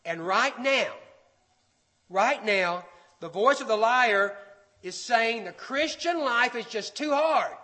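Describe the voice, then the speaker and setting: A man preaching a sermon, emphatic and dropping to quiet, slow phrases for stress. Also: very high voice, animated. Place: church auditorium. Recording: echoey hall with long reverb.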